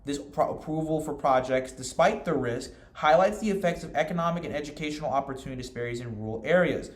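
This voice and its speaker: A young man giving a class presentation, reading from notes and then explaining in his own words, earnest and steady with frequent restarts and fillers. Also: fairly high pitch, fast, echoey room. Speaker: student presenter.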